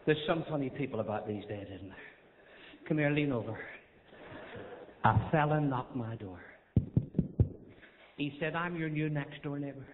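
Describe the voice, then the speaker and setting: A man with a Northern Irish accent doing stand-up one-liners on a theatre stage, chatty and coaxing the crowd between rapid gags. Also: medium pitch. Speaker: stand-up comedian. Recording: echoey theatre, tinny thin sound, noisy. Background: audience laughter.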